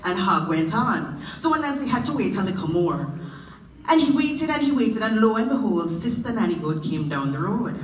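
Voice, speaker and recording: Lively Jamaican woman storyteller. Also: a little hiss or hum. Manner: lively, drawn-out telling with sudden jumps in pitch. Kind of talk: live folktale storytelling. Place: event hall. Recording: roomy hall, mic at a distance.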